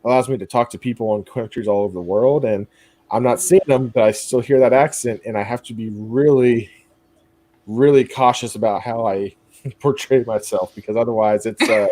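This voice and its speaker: Midwestern man, stream host, relaxed and laughing a lot, average pitch. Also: normal speed, dry recording. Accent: American Midwestern. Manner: relaxed, laughs often, many restarts. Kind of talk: casual chat.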